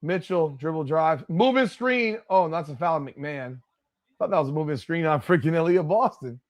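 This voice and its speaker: A man's voice: fairly high pitch, lively intonation, normal speed. A man hosting a live watch-party stream, calling the plays in a blunt, profane way with exasperated outbursts. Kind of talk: live play-by-play watch-along commentary.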